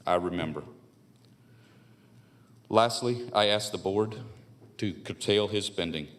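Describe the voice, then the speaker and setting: Older male citizen, slightly low voice, reading a prepared statement, earnest and steady. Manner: earnest and measured, with a repeated refrain. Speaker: public commenter. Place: county board meeting room at a podium.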